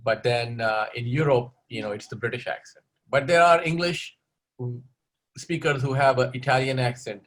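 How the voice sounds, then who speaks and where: A man's voice: medium pitch, fairly even intonation, moderate pace, fairly bright tone. Man giving advice in an online webinar. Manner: advising, repeats "okay?" after points. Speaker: webinar speaker on English communication. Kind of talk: answering audience questions in a webinar.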